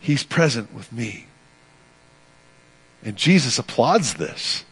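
A man pastor preaching a sermon with emphatic delivery, repeating phrases and swinging between loud and soft passages. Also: medium pitch, expressive, slow pace, gravelly, slightly rough.

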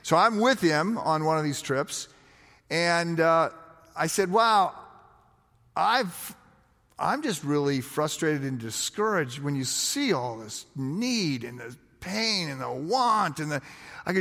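A man preaching a sermon, telling stories with lively quoted voices and frequent word repeats. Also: on the high side, slow pace. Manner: storytelling, animated, repeats words when quoting others. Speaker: pastor. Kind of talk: sermon with told anecdotes. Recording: long reverb of a large hall.

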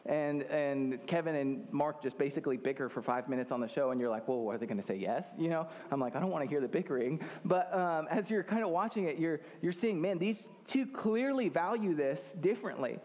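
A man's voice: on the high side, expressive, fairly quick, few pauses, darkish tone, highs cut off. A young man preaching a sermon in a church, in a loose and joking way, with many fillers and restarts. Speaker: pastor.

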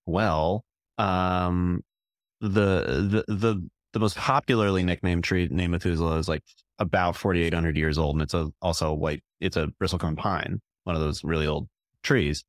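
A man in his thirties co-hosting a casual podcast chat. He speaks in a low voice, heard dry and close, and rambles with hesitant restarts while sharing trivia. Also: steady tone, normal speed, no room sound. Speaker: podcast co-host.

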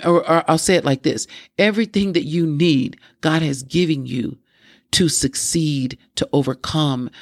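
A man's voice: medium pitch, a little mellow, no room sound, clean studio sound. A man preaching a fervent sermon, breaking in often with "glory to God" and ending in prayer and prophetic declarations.

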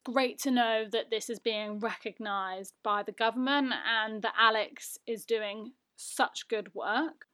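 A woman's voice: a little high, steady tone, takes it slowly, hardly any pauses, sharp tone. A young woman with a British accent, hosting a casual solo podcast in a chatty, self-mocking way with lots of fillers. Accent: British English. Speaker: podcast host.

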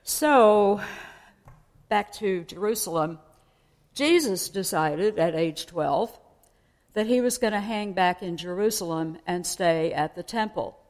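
A woman's voice: mid-range voice, takes it slowly, darkish tone. Woman preaching in an echoing hall. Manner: conversational, explaining and asking listeners questions. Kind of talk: sermon. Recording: long hall reverb.

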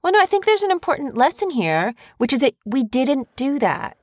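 On a podcast she co-hosts with her young son, a mother speaks in a high-pitched voice at normal speed with few pauses. The casual parent-child chat features animated storytelling, and she shapes the stories into lessons in a teaching tone. It's recorded in studio quality without echo.

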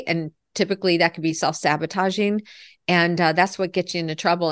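An earnest woman coach talks through her ideas in a reflective way, often adding "you know." Her voice sits a little low, and the sound is dry and close with no room echo. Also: fairly bright tone. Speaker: lifestyle coach. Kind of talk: podcast interview answers.

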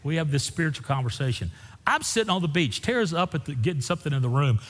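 A pastor preaching a sermon, telling folksy stories with big swings in his voice. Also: fast talker. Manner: folksy storytelling with lively swings in pitch. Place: church sanctuary. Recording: echoey hall with long reverb.

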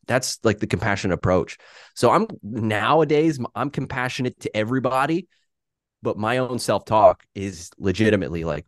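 A man's voice: lowish voice, a little fast, dry recording, clean studio sound. A man talking candidly on a podcast, self-deprecating and casual, with frequent restarts.

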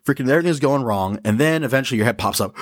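A man's voice: medium pitch, lively intonation, very fast. A man hosting a podcast, giving a casual motivational monologue in a blunt, profane and self-deprecating way. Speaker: podcast host.

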